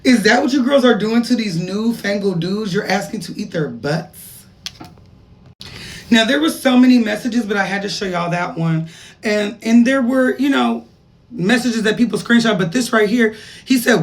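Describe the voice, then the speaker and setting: A woman's voice: medium pitch, normal speed, far from the mic. A woman telling a gossip storytime in a casual, chatty way, reading out text messages with laughing asides. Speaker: gossip commentator.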